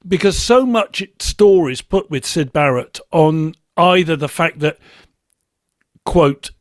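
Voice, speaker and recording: A man's voice: fairly high pitch, no room sound. A man, a musician being interviewed, talking thoughtfully and with enthusiasm about music, often restarting his sentences. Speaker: musician guest. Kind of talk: casual interview talk.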